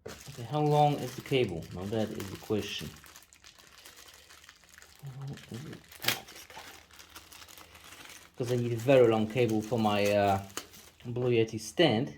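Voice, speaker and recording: A man walking through a microphone unboxing in a second language he is still learning, halting and restarting as he searches for words. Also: mid-range voice, darkish tone, a little hiss or hum. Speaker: tech reviewer. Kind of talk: product unboxing and walkthrough.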